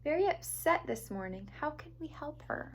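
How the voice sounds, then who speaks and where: A woman's voice: sits high, lively intonation, normal speed, gravelly, a little hiss or hum, pitched above the performer's own voice. A woman voicing a kind, soothing female teacher in a storybook.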